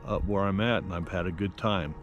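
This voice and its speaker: A man's voice: low-pitched, brisk, faint music behind. A middle-aged man, a nature photographer, talking casually to camera at a mountain overlook, rambling with plenty of fillers. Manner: relaxed, rambling, many fillers. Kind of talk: casual outdoor vlog narration.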